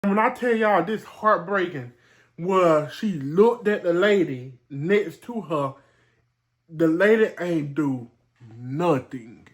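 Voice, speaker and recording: A woman's voice: lowish voice, lively intonation, slow pace. Chatty woman vlogger talking to viewers. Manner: chatty, repeats herself, calls viewers y'all. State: emotional. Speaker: vlogger host. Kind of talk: casual commentary to viewers.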